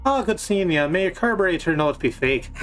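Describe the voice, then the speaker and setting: A man's voice: sits high, lively intonation, fairly quick, fairly bright tone, a little hiss or hum, voice pushed up. A man doing a hammy Irish pub bloke. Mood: jokey. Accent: put-on Irish. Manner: hammy, playful.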